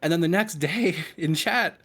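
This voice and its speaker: A man's voice: on the high side, a little slow, breathy edge. A man chatting casually, telling funny stories about being recognized, laughing and acting out the people he quotes. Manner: animated storyteller, laughs and acts out quotes. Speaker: streamer and show regular. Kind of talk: casual chat.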